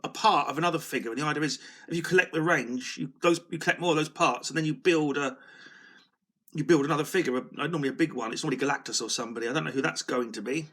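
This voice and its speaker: A man's voice: fairly high pitch, fast talker, fairly bright tone. A man hosting a casual solo video, rambling and self-deprecating as he talks, often restarting his sentences. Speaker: video host.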